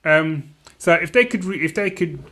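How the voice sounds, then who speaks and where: A man in his forties chatting casually as a podcast co-host, slightly high-pitched, rambling and self-deprecating, with plenty of restarts and filler. He keeps it loose and conversational. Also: animated, moderate pace, a bit bright. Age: 40s. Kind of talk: casual chat.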